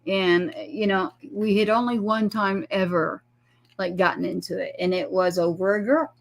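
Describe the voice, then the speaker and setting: Middle-aged Texan mom guest, mid-pitched with some fry, tells an emotional story and acts out the voices she quotes. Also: fairly even intonation, moderate pace. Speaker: guest, military mother.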